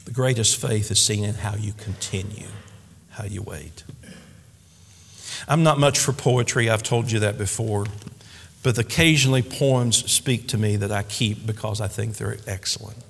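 Gravelly preacher man in a reverberant hall. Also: fairly low pitch, normal speed, a bit bright. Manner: emphatic preaching with repeated phrases. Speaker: pastor. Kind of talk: sermon.

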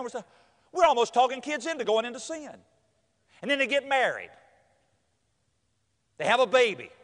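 In a very high, brisk voice broken by frequent pauses, a man preaches a sermon built around a story. He brings it to life by acting out quotes with laughter. A long hall reverb fills the recording.

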